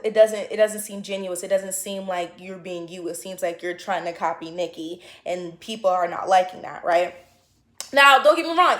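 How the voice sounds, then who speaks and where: A woman's voice: medium pitch, a bit bright, reverberant. A woman vlogger giving her opinions in a casual chat to camera, with lots of fillers and restarts.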